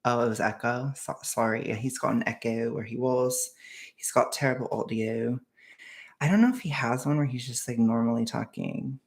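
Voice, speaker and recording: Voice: mid-range voice, moderate pace. A young streamer giving casual reaction commentary, chatty and self-deprecating, often giggling.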